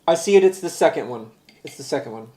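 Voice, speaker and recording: A man's voice: on the high side, animated, quick pace, warm tone. A man hosts a casual cooking livestream. He chats loosely, often between bites, while he sorts out the stream. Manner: chatty, talks while eating and handling gear. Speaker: livestream host.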